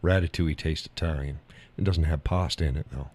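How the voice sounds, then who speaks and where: A man's voice: very deep voice, fairly even intonation, brisk, darkish tone. A man hosting a live stream, chatting casually with viewers in a folksy, drawling way and laughing often.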